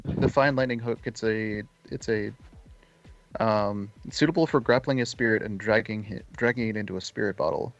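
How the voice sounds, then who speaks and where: Low gravelly guy playing a tabletop rpg, kinda hesitant, faint music behind. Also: moderate pace, lo-fi sound. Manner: hesitant, thinking aloud with many ums. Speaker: player. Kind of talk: tabletop game play.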